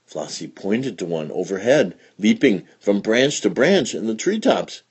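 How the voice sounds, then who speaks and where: A man reading a children's picture book aloud in a lively, animated way. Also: on the low side, measured pace, hardly any pauses, husky. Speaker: read-aloud storyteller. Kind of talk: expressive children's story reading.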